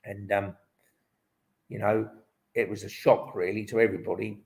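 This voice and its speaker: The voice is fairly low and level, creaky and a little mellow, at a moderate pace, captured in a rough recording. He's a British ex-motocross champion in his fifties, guesting on a live online interview and telling stories in a meandering way, frequently restarting and filling gaps with "um" and "like."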